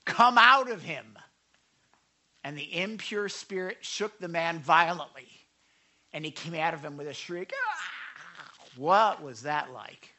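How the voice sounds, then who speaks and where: A man delivering a lively sermon to a youth group, his voice bright and fairly high for a man. He talks into a microphone, stresses key points, and keeps asking his listeners whether they follow. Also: moderate pace. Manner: lively, emphatic, checks in with listeners. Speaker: pastor teaching a youth group. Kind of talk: animated sermon.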